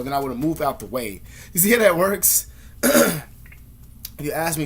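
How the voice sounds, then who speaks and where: A man with a fast, lively, somewhat bright voice on the high side vlogs in a rambling, foul-mouthed monologue. He laughs as he goes and does voices for the people he describes.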